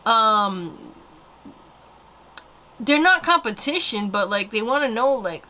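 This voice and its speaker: A woman's voice: on the high side, animated, measured pace, long pauses, bright, forceful tone. A woman giving a casual pick-a-card tarot reading, rambling and swearing freely with lots of fillers. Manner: rambling, profane, filler-heavy. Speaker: tarot reader.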